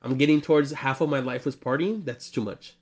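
A man in his twenties co-hosting a casual podcast chat, rambling and animated, often laughing. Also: mid-range voice, a little fast. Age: 20s. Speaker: podcast co-host.

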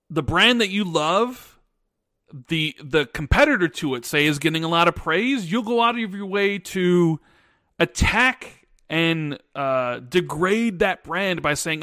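A man in his thirties with a high-pitched, slightly bright voice co-hosts a podcast, speaking animatedly but a little slowly. The recording is dry and studio quality. He chats casually, telling rambling stories and restarting often.

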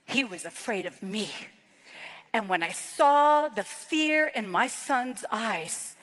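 A woman giving an emotional sermon testimony, telling her story slowly and dramatically with hushed drops. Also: on the high side, lively intonation. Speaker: preacher. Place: large hall, played from an archived clip. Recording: reverberant hall sound.

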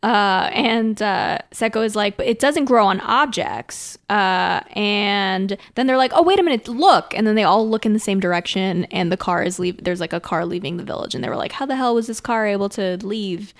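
A woman's voice: mid-range voice, normal speed, hardly any pauses. Chatty woman recapping an episode. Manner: chatty, hesitant, recounts plot with quoted lines. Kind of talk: casual anime recap chat.

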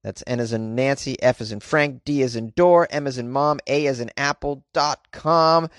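A man's voice: medium pitch, moderate pace, hardly any pauses, no echo, clean studio sound. A man hosting his own podcast, chatting casually and joking, with many fillers and restarts. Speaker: podcast host. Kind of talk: casual solo podcast talk.

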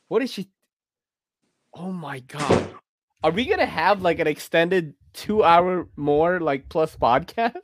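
A man's voice: sits high, big pitch swings, measured pace, pauses often, no echo. A man hosting a podcast while drunk, rambling casually between laughs and curses. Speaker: podcast host.

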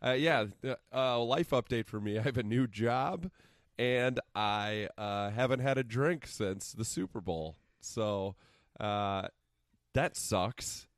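Man, podcast co-host, low voice, dry close sound, halting casual talk. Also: no room sound. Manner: halting, with fillers, dry humor. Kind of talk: casual chat.

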